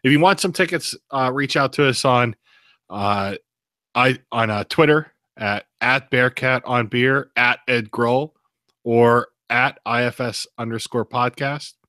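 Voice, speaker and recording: A man's voice: medium pitch, measured pace, bright, forceful tone, no room sound, clean studio sound. A man co-hosting a casual beer review podcast, talking in a loose, profane, rambling way. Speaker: podcast co-host.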